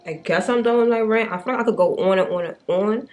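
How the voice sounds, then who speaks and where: A woman's voice: mid-range voice, fast, darkish tone. A young woman, vlogging and ranting bluntly to the camera with plenty of swearing. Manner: exasperated, blunt, swears a lot. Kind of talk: casual vlog rant.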